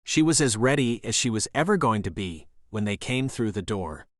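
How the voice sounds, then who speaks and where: A man narrating an action thriller audiobook in a steady, even reading voice. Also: fairly low pitch, moderate pace, no room sound, studio quality. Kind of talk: scripted narration.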